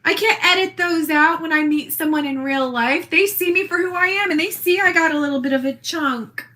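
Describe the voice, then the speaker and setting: A woman's voice: extremely high pitch, brisk, bright, forceful tone. A woman ranting into her own video in a brash, profane, defiant way. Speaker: social media poster. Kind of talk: rambling self-recorded video rant.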